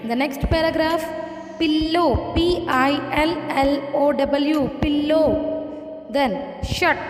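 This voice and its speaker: A woman teaching young children, dictating answers and spelling each word out letter by letter in a slow, deliberate way. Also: sits high, echoey room, long reverb tail, faint music behind. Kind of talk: dictating a lesson, spelling words.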